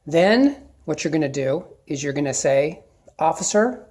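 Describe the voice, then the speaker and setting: A middle-aged man giving casual, plain-spoken advice to viewers, often checking in with a quick "okay?". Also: on the high side, lively intonation, a little mellow. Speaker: video host giving advice. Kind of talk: casual instructional talk to camera.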